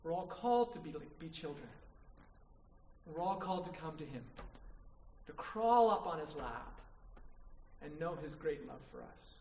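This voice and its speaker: A man's voice: fairly high pitch, lively intonation, measured pace, pauses often, darkish tone, slight background noise. A man preaching a sermon, emphatic, often checking in with the congregation by asking "right?". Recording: distant, echoey hall, dull sound.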